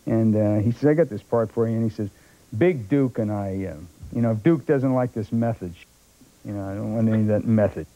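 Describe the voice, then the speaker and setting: With a voice on the low side and a brisk delivery, an older man known for film acting tells stories as a talk show guest. He brings them to life by mimicking others' voices; the recording is dull, lo-fi broadcast tape.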